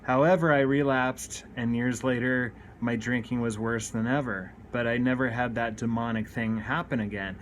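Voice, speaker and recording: A man's voice: medium pitch, fairly even intonation, normal speed, hardly any pauses, a little hiss or hum. A man in his thirties telling a personal story about his recovery, speaking in a candid, earnest way with frequent restarts.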